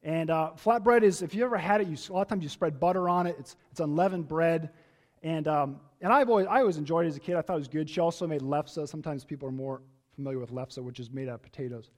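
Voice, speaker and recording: A man's voice: fairly high pitch, fast talker, darkish tone. A man, a pastor, preaching a conversational sermon in a church, telling stories with frequent restarts.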